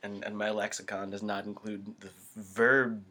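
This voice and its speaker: A man co-hosting a casual movie podcast, hoarse from a cold and coughing, with a dry teasing manner. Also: fairly low pitch, flat delivery, normal speed, bright, forceful tone, slight background noise. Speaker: podcast co-host. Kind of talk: casual movie review chat.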